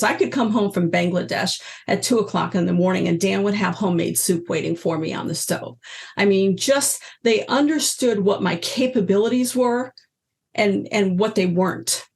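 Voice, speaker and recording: A woman's voice: mid-range voice, moderate pace, vocal fry. A woman in her sixties, a guest telling stories in a casual interview and acting out the voices she quotes. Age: 60s. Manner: animated storyteller, acts out quoted voices. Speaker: guest, energy healer and teacher.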